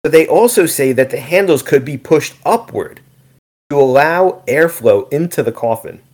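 A man's voice: a little high, expressive, normal speed, a little mellow. A man co-hosting a casual podcast, explaining facts in a dry, matter-of-fact way. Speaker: podcast co-host. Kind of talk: casual chat.

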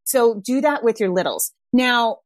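A woman in her thirties, a parenting coach hosting a podcast, gives casual advice in an expressive, medium-pitched voice at normal speed with no echo. She keeps it conversational, often checking in with tag questions like "right?" and "yeah?".

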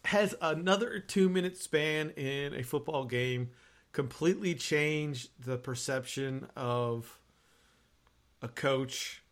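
A man's voice: fairly high pitch, takes it slowly. Man posing questions in sports chat. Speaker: podcast co-host.

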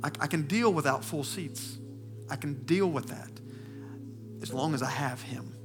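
A male pastor preaching a sermon, swinging from loud, impassioned declarations to hushed, near-whispered confessions while holding back tears. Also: fairly high pitch, unhurried, music in the background.

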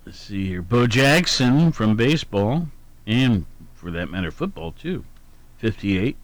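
Slow, unhurried man hosting a radio show. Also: medium pitch, sing-song, no echo. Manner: meandering, hums filler syllables, corrects himself aloud. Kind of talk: casual on-air chat, reading daily almanac.

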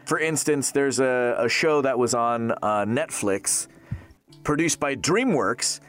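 A man in his thirties who works as a voice actor, chatting casually in an interview, animated and jokey, laughing often. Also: medium pitch, slow.

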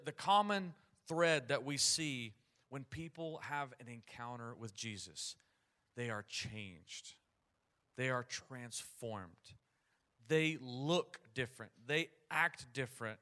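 A man preaching a sermon as pastor, energetic and calling out to his congregation. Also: medium pitch.

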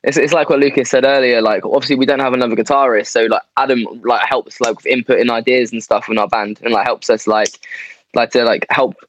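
A man's voice: mid-range voice, steady tone, fast talker, no echo, poor audio. Give me a casual English band guy, dry and up close, who keeps tossing in "mate" and "to be fair.". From England. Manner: rambling, laughs often, fillers like "mate" and "to be fair". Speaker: band member guest. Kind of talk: casual interview chat.

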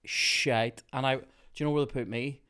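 A man hosting a podcast, telling a work story in a casual, animated way, swearing freely and laughing often. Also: medium pitch, moderate pace, smooth. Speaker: podcast host.

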